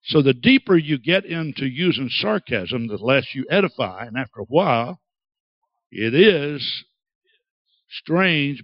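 A man preaching a sermon, dramatic and acting out quoted voices with big swings in pitch. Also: dry recording, muffled recording. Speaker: pastor.

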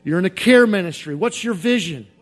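A man preaching a sermon in a repetitive, emphatic cadence, swinging from quiet confession to shouted outbursts. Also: high-pitched, lively intonation, fairly quick.

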